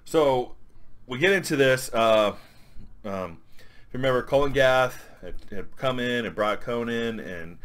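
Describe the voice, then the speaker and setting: A man's voice: mid-range voice, expressive, a little slow. A man reviewing a comic in a casual, rambling way, with lots of fillers.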